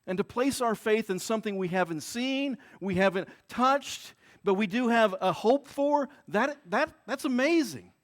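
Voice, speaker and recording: A pastor preaching a sermon in an earnest manner, often repeating words for emphasis. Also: male voice, sits high, animated, moderate pace, few pauses.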